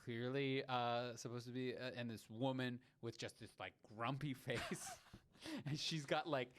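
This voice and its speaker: A man co-hosting a podcast, telling a story in expressive casual chat. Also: medium pitch, a little slow. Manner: expressive, breaks into laughter. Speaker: podcast co-host.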